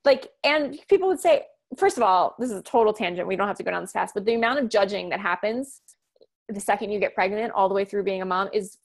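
Fast, assertive woman coach. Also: medium pitch, lively intonation. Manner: loud, fast-talking, assertive and direct. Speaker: guest, communication coach and author. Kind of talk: conversational podcast interview.

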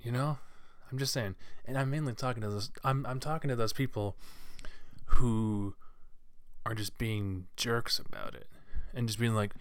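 A man's voice: medium pitch, normal speed, smooth, dry recording, clean studio sound. Heated rambling young man podcasting. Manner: rambling and heated, with many restarts and fillers. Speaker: podcast host. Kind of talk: solo podcast monologue.

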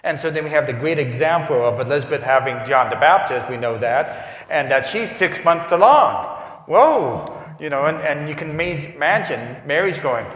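A man giving a lively homily, acting out voices and asides, in a large church. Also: on the high side, moderate pace, hardly any pauses. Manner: animated, acts out voices and asides. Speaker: priest. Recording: roomy church reverb.

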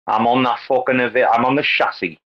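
A man hosting a crypto talk space, brash and excitable, swearing constantly in casual banter. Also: mid-range voice, fairly quick. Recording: lo-fi online call audio.

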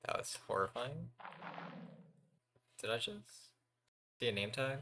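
A man's voice: medium pitch, lively intonation, moderate pace, pauses often, background noise. A young man commentating his own game, talking to himself and his viewers and yelping when startled. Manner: jumpy, talks to himself and viewers, yelps when scared. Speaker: gaming YouTuber. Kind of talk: Minecraft let's play commentary.

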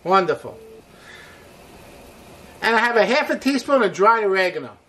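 Upbeat chatty chef, lively pitch. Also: male voice, moderate pace, noisy background. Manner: chatty, upbeat, frequent "hey" and "woo". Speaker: cooking show host, chef. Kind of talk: casual cooking demonstration.

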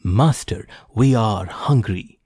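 A man's voice: lowish voice, slow, darkish tone, breathy edge, no room sound. A man doing a humble pleading poacher.

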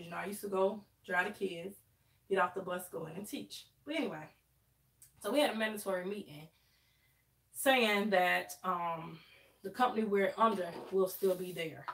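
Woman, thirties, relaxed live-chat host with a gravelly tone, recorded from a distance. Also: mid-range voice. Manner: chatty, addresses viewers as y'all, dialect grammar. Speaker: livestream host. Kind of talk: casual live chat while doing her hair. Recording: echoey room, mic at a distance.

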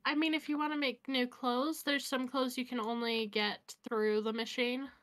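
A woman co-streamer chatting casually during a game, relaxed and joking, with lots of filler likes. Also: fairly high pitch, normal speed, a little hiss or hum. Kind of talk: casual gaming chat.

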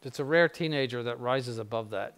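A man's voice: medium pitch, brisk, a bit bright. An older man, a bishop, giving an informal spiritual conference in a blunt, conversational way with frequent asides.

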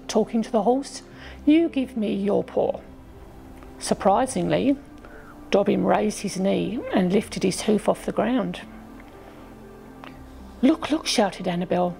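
A woman narrating a children's storybook in an expressive, gently dramatic way. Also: mid-range voice, vocal fry, poor audio.

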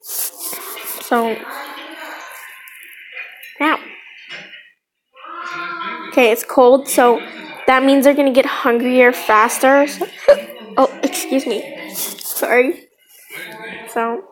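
A woman's voice: high voice, extremely slow, pauses often, poor audio. A woman casually commenting over her gameplay as a YouTuber, chatty and rambling, giggling between remarks. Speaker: gaming YouTuber. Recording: steady background noise.

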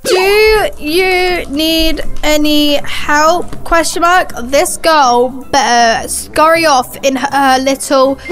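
A woman's voice: high-pitched, a bit bright. A young woman giving casual gameplay commentary, chatty and rambling with a sarcastic streak. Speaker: gaming YouTuber.

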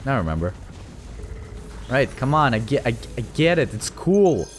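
Profane excitable man with a Russian accent. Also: mid-range voice, moderate pace, faint music behind. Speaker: gaming channel host. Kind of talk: let's-play commentary.

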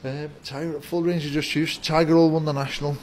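Speaking quickly in a somewhat high, fairly flat-pitched voice with a slightly mellow tone, this man runs his shop vlog with upbeat, rambling chatter aimed at viewers. There's a bit of hiss or hum, and faint music drifts through the shop, whose door stands open.

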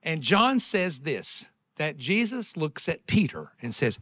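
A man preaching a revival sermon with fervent, emotional delivery, swinging between loud passages and hushed ones, with conversational asides. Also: fairly high pitch, sing-song, moderate pace.

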